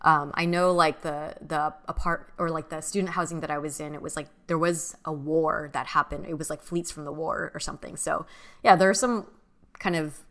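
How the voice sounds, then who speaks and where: Bright-voiced woman telling a story. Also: deep voice, normal speed. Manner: animated storyteller, many fillers. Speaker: podcast co-host. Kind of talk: casual storytelling chat.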